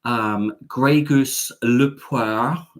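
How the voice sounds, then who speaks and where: A man's voice: mid-range voice, extremely slow. A man hosting a chatty live stream from home, playful and camp, teasing his audience.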